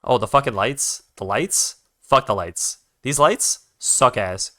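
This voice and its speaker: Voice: medium pitch, animated, takes it slowly, a bit bright, no room sound, clean studio sound. An art streamer telling a road-trip story while drawing, ranting with lots of swearing and quoting other drivers. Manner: profane, ranting, retells the conversation in others' voices; restarts sentences while redrawing.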